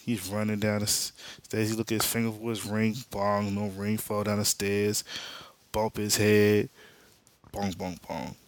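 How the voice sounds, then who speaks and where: A man's voice: lowish voice, monotone, moderate pace, dry recording. A man hosting a podcast, casually recapping a comic book storyline in loose, slangy storytelling with spoken sound effects. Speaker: podcast host.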